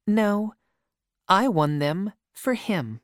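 A warm-hearted teenage girl speaks in a raised, lilting voice, as a man reading the story puts her on. She sounds affectionate and forgiving, and she delivers each line slowly and expressively. This is a storybook voice from a dry, close reading. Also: sits high, lively intonation, clear, resonant tone, no room sound, pitched above the performer's own voice, heavily acted. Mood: cheerful.

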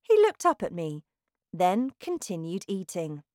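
A woman narrating a children's storybook in a slow, clearly articulated scripted reading. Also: fairly low pitch, huge pitch swings, a little mellow, no room sound, studio quality.

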